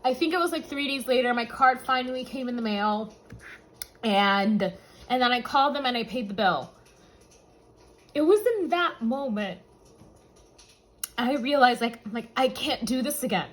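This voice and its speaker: Recorded in low quality, a woman who runs a budgeting vlog recounts a personal story, emotional and occasionally tearful, speaking to "y'all." Her voice is a little high and fairly bright, her pace moderate, and she takes long pauses.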